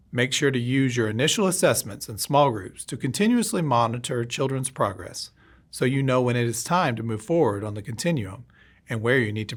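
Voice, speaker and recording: Man narrating a teacher training video. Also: medium pitch. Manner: even, instructive voice-over. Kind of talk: scripted narration.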